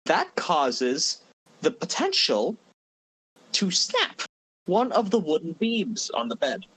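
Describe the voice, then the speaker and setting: A man's voice: fairly high pitch, wildly swooping pitch, slow pace, fairly bright tone, a little hiss or hum, low-quality recording. A man in his twenties tells a long story on a casual podcast, stumbling and restarting, laughing as he goes. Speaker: mod developer and podcast host.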